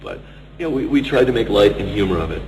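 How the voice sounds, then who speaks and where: A man's voice: lowish voice, lively intonation, quick pace. A man in a band recalling old shows as casual chat, wry and rambling. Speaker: band member. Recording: noisy reverberant recording.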